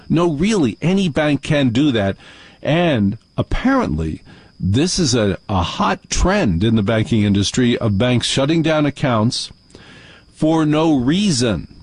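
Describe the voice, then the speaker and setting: A man's voice: mid-range voice, very animated, unhurried, husky, no room sound. A man hosting a call-in radio talk show, complaining in a wry, indignant way and reading out the call-in number.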